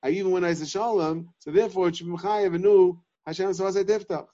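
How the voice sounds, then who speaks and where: Guy thinking out loud in a torah class, repeats himself, muffled recording. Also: sits high, fairly even intonation. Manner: halting, repeats phrases while reasoning. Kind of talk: Talmudic lesson, thinking aloud. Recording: dull lo-fi sound.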